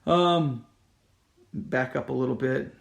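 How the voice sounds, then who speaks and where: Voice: medium pitch, takes it slowly, vocal fry. An emphatic Christian commentator reads a news article aloud and breaks it down as he goes. The delivery is impassioned and insistent. Sentences often restart, and the speaker acts out other people's words in quotes.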